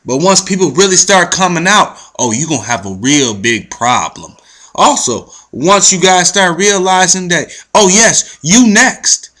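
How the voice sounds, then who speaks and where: Man, slightly high and bright, AAVE, ranting vlog host, profane street talk. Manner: profane, animated, confrontational street slang. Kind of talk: ranting news commentary.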